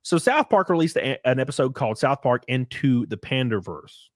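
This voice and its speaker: A man's voice: medium pitch, animated, normal speed, no echo. Male streamer host with a loose, filler-heavy ramble and a dry, close mic sound. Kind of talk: casual podcast chat.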